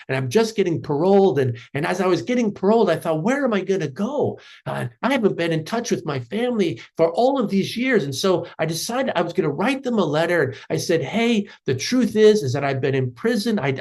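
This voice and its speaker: A man's voice: high voice, darkish tone, exaggerated voice. Man voicing a remorseful ex-convict. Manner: halting, anxious storytelling. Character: remorseful middle-aged male ex-convict.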